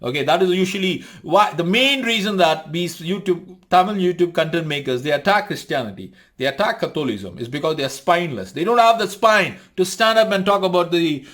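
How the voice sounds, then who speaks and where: A man's voice: high voice, expressive, a little fast, hardly any pauses, a bit bright. A man hosting a reaction video, ranting indignantly with rhetorical questions. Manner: indignant, rhetorical, repeats "excuse me" and "why are you not". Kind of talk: heated commentary rant.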